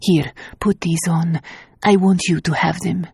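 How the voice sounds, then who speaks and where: Vain aristocratic mom, slow and flirty, low warm voice, as a woman reads her. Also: steady tone, gravelly, slightly rough, no echo, clean studio sound, exaggerated voice. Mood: insistent. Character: vain aristocratic mother, fond of jewels.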